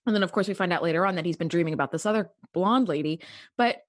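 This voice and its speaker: A woman co-hosting a casual podcast, animated and emphatic, laughing often. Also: fairly low pitch, rapid-fire, no room sound, clean studio sound. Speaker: podcast co-host.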